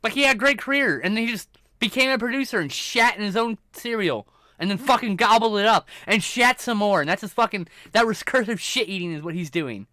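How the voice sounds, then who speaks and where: A man's voice: high voice, fairly quick, sharp tone, no echo, clean studio sound. A man streaming live, ranting casually and profanely about movies while working through his film collection. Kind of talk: casual livestream rant.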